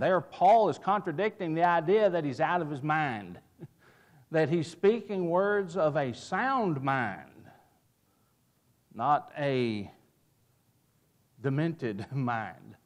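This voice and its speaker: A man's voice: a little high, animated, slow, pauses often. A man teaching a Bible class who stresses key words, cites chapter and verse, and answers his own questions. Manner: leads with questions and answers them himself.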